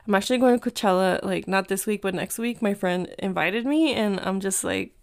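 A woman in her thirties from the United States chats through a story for her podcast. Her voice is smooth and clean, at a middle pitch. She talks in quick bursts and drops in Spanish phrases. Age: 30s. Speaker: podcast host. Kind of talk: casual chat.

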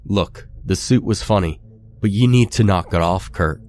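Man playing an anxious young guy in a horror story, low voice going shaky. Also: normal speed, darkish tone, slight background noise, close to an everyday voice. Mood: irritated. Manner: shaky, urgent. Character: worried young man calling to his friend.

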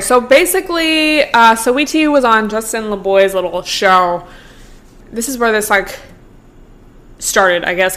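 Fairly bright and mid-range, this voice belongs to a twenty-something woman running her own solo podcast. She's chatty and profane, fills her talk with "like," and laughs a lot.

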